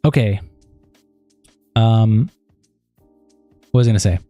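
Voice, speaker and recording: A man hosting a casual livestream, chatting with viewers in a loose, profane way, full of fillers and sarcastic, deadpan asides. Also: on the low side, takes it slowly, no room sound, soft background music. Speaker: livestream commentary host.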